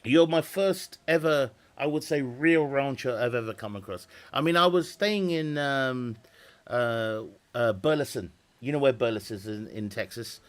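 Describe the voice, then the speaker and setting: A man's voice: mid-range voice, normal speed. A man chatting casually with viewers on a live stream, rambling, swearing freely and laughing often.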